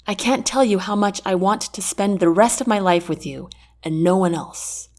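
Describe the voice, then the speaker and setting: A woman voicing a loving young man, soft and earnest, with a husky tone. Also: medium pitch, moderate pace, close to an everyday voice. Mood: tender.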